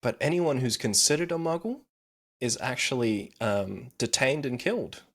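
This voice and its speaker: A man's voice: mid-range voice, normal speed, slightly rough. A young man recapping anime on a podcast, laughing often and swearing casually as he tells the story.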